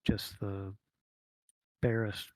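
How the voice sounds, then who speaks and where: A man's voice: on the low side, level tone, drawn-out words, a little mellow, dry recording. A man narrating as game master of a streamed tabletop game, rambling with fillers and humming to himself. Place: home streaming setup.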